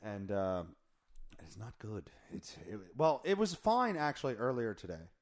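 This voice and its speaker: A man hosting a podcast in a casual, joking chat. His voice is hoarse, and he rambles and corrects himself often. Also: mid-range voice, wildly swooping pitch, unhurried. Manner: rambling, self-correcting, jokey. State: hoarse from singing in the car. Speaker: podcast host.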